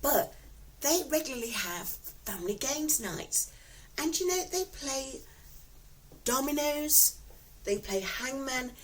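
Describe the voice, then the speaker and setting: Chatty Nottingham woman with a lively voice. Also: sits high, slow pace, pauses often, slight background noise, rough recording. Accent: Nottingham English. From England. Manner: warm storytelling, giggly, repeats herself. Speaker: vlogger. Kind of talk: casual chatty vlog.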